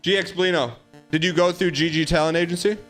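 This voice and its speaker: A man hosts a live game stream in a casual, chatty way, repeating phrases as he talks straight to his audience. His voice sits somewhat high for a man. Soft music plays faintly underneath. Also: fairly even intonation, fast talker. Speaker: live-streaming gamer host. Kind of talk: casual live-stream chat while gaming.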